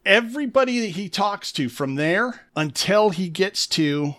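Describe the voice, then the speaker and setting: A man with a fairly high voice co-hosts a podcast, talking through a game session in a loose, excited way. He acts scenes out with playful mouth sound effects. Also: unhurried. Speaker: podcast co-host. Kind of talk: casual chat recapping an actual-play game.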